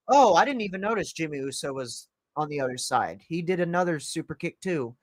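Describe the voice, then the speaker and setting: A man with a high-pitched voice, starting to lose it, livestreaming excited play-by-play reactions to a wrestling match from his home computer. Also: fairly quick, dry recording. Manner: excited play-by-play, calling moves as they happen. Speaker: livestream host. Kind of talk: live wrestling reaction commentary.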